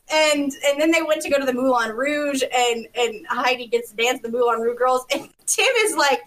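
A woman chatting casually, telling a lively story, acting out what people said and laughing often. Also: sits high, moderate pace. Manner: animated storyteller who acts out quotes and laughs often. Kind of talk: casual chat.

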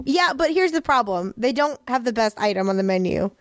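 A young woman with a high, light voice co-hosts a podcast, chatting casually. She tells animated stories and slips into voices for the people in them. The sound is close and dry, with no room around it. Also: fairly quick, dry recording. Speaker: podcast co-host. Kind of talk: casual chat.

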